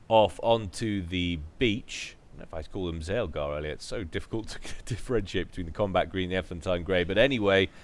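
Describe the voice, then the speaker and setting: A man commentating a strategy match in a relaxed, chatty way. His voice sits a bit low, and he drops in joking asides between the calls. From United Kingdom. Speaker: game commentator. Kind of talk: casual play-by-play commentary.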